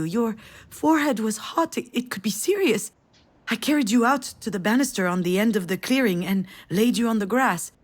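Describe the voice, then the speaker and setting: A slightly high, husky-voiced actress plays a mother sharing a family memory with her grown daughter. She tells it tenderly, like a storyteller, her voice rising with emotion.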